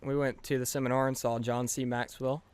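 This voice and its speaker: A teenage boy who is a high school senior, guesting on a podcast, easygoing and quick to laugh. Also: little pitch movement, darkish tone, clean tone, no echo. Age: teens. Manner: easygoing, laughs often, playfully puzzled. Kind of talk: casual podcast chat.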